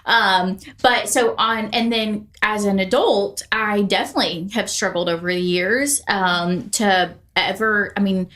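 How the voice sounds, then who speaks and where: A woman in her thirties co-hosting a relaxed chat podcast. She talks in long, rambling runs, full of fillers and restarts. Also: mid-range voice, unhurried, few pauses. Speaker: podcast co-host. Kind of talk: casual chat.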